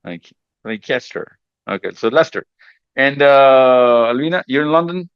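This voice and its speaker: A man's voice: mid-range voice, expressive, moderate pace, smooth, no room sound, muffled recording. A man hosting a casual group chat with teenagers, teasing and reassuring them and often repeating himself. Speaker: mentor hosting a session with teenagers.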